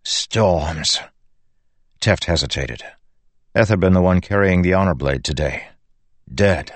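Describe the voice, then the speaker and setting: A man reading an audiobook in a measured, even scripted narration. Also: deep voice, no room sound.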